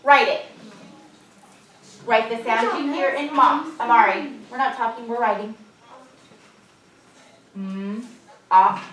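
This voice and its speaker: A woman teacher leading a phonics lesson for a few children and explaining her method to watching teachers, with clear, drawn-out prompts. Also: a little high, fairly bright tone. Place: classroom. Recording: echoey classroom from far off.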